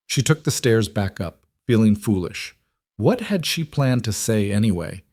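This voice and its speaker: A man narrating a scripted drama in a steady, measured way. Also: fairly low pitch, no echo, studio quality.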